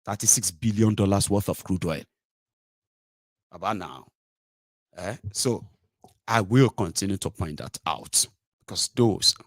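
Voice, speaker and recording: A man's voice: lowish voice, no echo, clean studio sound. A man with a Nigerian accent hosting a sarcastic, opinionated political monologue. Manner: sarcastic, mocking, rhetorical. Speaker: political commentary host.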